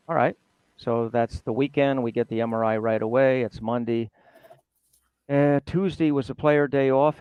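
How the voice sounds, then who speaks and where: Guest, older man, lively storyteller with a dry, close sound. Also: mid-range voice, clear, resonant tone, dry recording, highs cut off. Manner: animated storyteller, laughs often, mimics others. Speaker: retired athletic trainer, guest. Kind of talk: casual storytelling interview.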